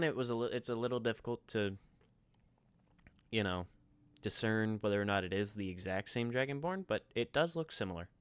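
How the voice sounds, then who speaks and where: A man's voice: lowish voice, brisk, fairly bright tone, clean tone, no room sound. A man narrating a tabletop game as game master, describing scenes with frequent restarts.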